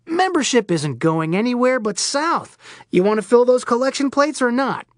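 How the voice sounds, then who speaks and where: A woman's voice: on the high side, very animated, normal speed, no room sound, clean studio sound, voice pushed up. A woman voicing a manic, wisecracking male Florida oddball who rambles theatrically and irreverently. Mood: flippant. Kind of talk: audiobook character voice.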